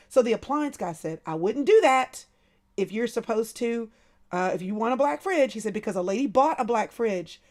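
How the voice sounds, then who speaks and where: A woman's voice: mid-range voice, a little mellow. A woman hosting a casual livestream, laughing often and calling her viewers by name. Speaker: livestream host.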